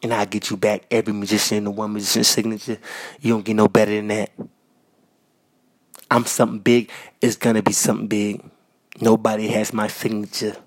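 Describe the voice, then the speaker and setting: A man from Minnesota hosting a podcast, talking casually and giving loud, repetitive shout-outs full of slang. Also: on the low side. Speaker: podcast host. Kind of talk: casual solo podcast monologue. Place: North Minneapolis.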